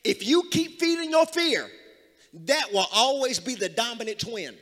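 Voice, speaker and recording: A man a sermon as pastor, moving from talk into sung and shouted hymn lines. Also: extremely high pitch, animated, unhurried. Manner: preaching that builds into singing and shouting hymns. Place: church sanctuary. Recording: reverberant church with music.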